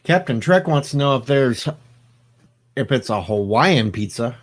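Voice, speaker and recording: A man's voice: mid-range voice, expressive, measured pace. A man on a late-night live stream, rambling and joking as he answers his viewers' chat. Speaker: livestreamer reading chat.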